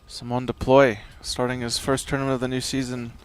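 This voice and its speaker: A man giving live golf commentary in a relaxed, chatty way, with tips and play calls. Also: medium pitch, fairly quick, slight background noise.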